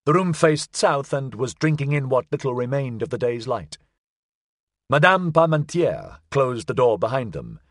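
A man reading a novel aloud as narrator, measured and expressive. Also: medium pitch, dry recording, studio quality. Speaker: audiobook narrator. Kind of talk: scripted narration.

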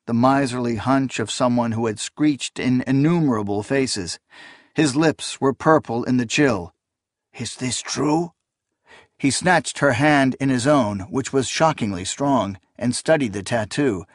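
A man narrating a story in measured, dramatic scripted narration. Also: mid-range voice, no echo, studio quality. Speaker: audiobook narrator.

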